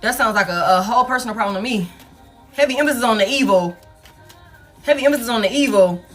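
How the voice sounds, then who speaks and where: A woman's voice: on the high side, quick pace, a bit bright, faint music behind. A woman reading tarot in a casual, blunt monologue, swearing often and repeating phrases for emphasis. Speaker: tarot reader. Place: home setup, soft music playing behind her.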